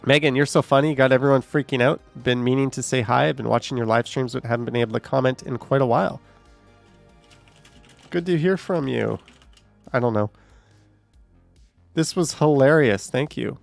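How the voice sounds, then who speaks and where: A man's voice: mid-range voice, moderate pace, vocal fry, pauses often, soft background music. A man hosting a casual livestream, reading out chat comments with joking, sarcastic asides and a bit short of breath.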